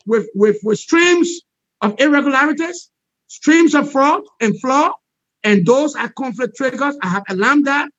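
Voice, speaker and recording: Fiery high-voiced man. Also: a bit bright, no echo. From Liberia. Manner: emphatic, repetitive, punctuates points with "all right?". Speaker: interview guest, peace expert. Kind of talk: impassioned political commentary. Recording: dull lo-fi dry sound.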